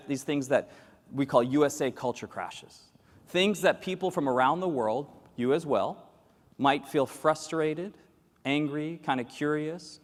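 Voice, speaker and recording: A man giving an animated keynote talk to a live audience, quizzing the crowd and acting out quoted voices. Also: mid-range voice. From grew up in Latin America. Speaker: keynote speaker. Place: large hall with live audience. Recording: echoey hall with long reverb.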